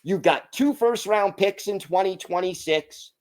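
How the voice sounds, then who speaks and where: A man hosting a hockey podcast, giving his opinions in an emphatic, deliberate way. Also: high voice. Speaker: podcast host.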